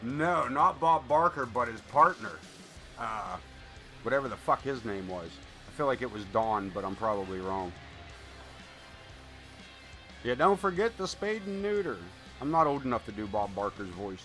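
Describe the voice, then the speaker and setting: A mid-pitched man doing live wrestling play-by-play who keeps wandering into casual, rambling chat. His delivery is excitable and loose, with the odd curse. Music plays clearly underneath his voice. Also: normal speed. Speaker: streamer commentating a wrestling game. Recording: music playing behind.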